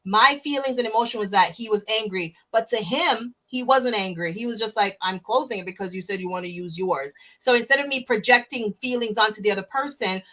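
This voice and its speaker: A woman coach explaining with lively examples, acting out bits of dialogue and checking in with "right?". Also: fairly high pitch. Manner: animated storyteller acting out dialogue, frequent "right?". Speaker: certified coach, guest.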